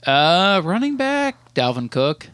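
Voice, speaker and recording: A man's voice: sits high, very animated, takes it slowly, fairly bright tone, smooth, no room sound. A man co-hosting a podcast in casual chat, teasing and joking with his co-host.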